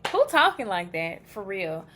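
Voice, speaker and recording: A woman's voice: mid-range voice, very animated, a little slow, a bit bright. A woman giving a casual pick-a-card tarot reading. She is chatty and blunt, swears freely, and thinks aloud as she reacts to the cards.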